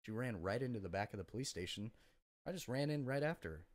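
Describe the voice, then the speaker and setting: A man's voice: on the low side, animated, fast talker, dry recording. A young man in casual podcast conversation, telling his story bluntly with lots of profanity and fillers. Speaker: podcast guest.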